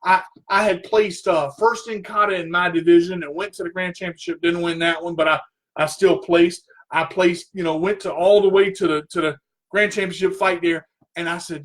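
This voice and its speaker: On his talk radio show, a man with a high-pitched, steady voice speaks at normal speed while recounting something personal in earnest. He circles back to repeat himself and strains when he gets heated.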